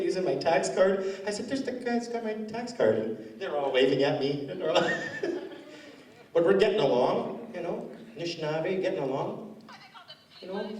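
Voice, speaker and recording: A man's voice: high-pitched, a little mellow. A man doing stand-up comedy in a school hall, telling stories in a rambling, chatty way. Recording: echoey hall from far off.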